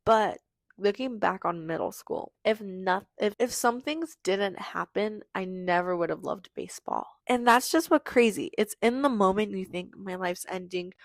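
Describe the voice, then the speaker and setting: A teenage girl speaks at a middle pitch with a gravelly edge that keeps showing up. She rambles earnestly and fills her sentences with "like" as she works through her thoughts. The sound is close and dry, with no room around it. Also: no room sound. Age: teens. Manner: earnest, rambling, filler-heavy. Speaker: podcast host. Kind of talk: casual personal monologue.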